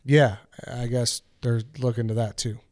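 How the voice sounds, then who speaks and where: An easygoing man with an ordinary mid-range voice closes out a podcast episode in a relaxed, noncommittal way. The recording is dry and close, with no room sound. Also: medium pitch, a little slow, dry recording. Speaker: podcast host wrapping up. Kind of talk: casual chat.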